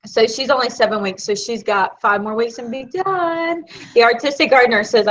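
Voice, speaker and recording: A woman from Florida with a Southern American accent, co-hosting a casual live chat and telling stories in an animated, chatty way. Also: on the high side, moderate pace. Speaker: co-host of a live video chat. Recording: dull lo-fi sound.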